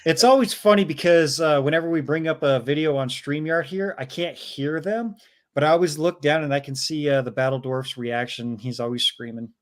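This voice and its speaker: A man with a slightly raised pitch hosts a casual live stream. He reads viewer messages aloud in an easy, joking way and reacts to them with chuckles. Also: a little fast. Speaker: livestream host reading chats.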